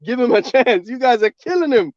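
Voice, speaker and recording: A man calling in to a live stream, insisting on his point and cutting in often. His voice sits high for a man. The call audio is dull and dry. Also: lively intonation, brisk, a little mellow, no room sound. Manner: insistent, defensive, keeps interrupting. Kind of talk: call-in argument.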